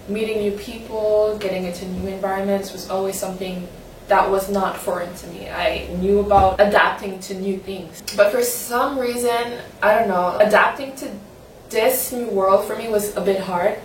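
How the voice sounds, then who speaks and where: A woman's voice: mid-range voice, fairly even intonation, moderate pace, distant mic, a little hiss or hum. Young woman vlogging in a roomy space. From Saint-Martin. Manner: candid, rambling, self-conscious. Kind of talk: personal vlog chat. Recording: roomy echo, voice from the mic, faint ambience.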